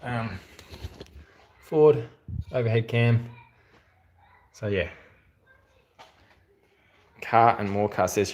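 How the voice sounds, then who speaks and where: A man's voice: mid-range voice, expressive, a little slow, pauses often, darkish tone. A man with an Australian accent, chatting casually on a livestream, rambling with lots of fillers and reading out viewer comments. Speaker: channel host doing a livestream. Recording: echoey room.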